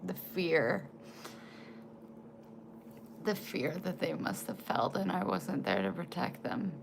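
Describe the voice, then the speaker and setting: A woman in her forties chatting casually to camera, emotional and halting, often trailing off and starting again. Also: lowish voice, very animated, creaky, noisy background. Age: 40s. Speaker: vlogger.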